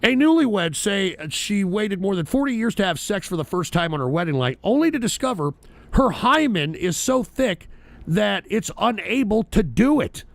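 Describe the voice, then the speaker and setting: A man's voice: high-pitched, big pitch swings, moderate pace, gravelly, no echo. A man hosting a live-streamed talk show, reading out odd news stories with brash, profane, mocking commentary. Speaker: political talk show host.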